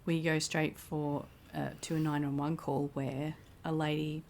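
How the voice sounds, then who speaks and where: Low, gravelly-voiced woman chatting. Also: flat delivery, measured pace, darkish tone, a little hiss or hum. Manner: chatty, amused, laughing between remarks. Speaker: podcast co-host. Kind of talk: casual TV episode recap chat.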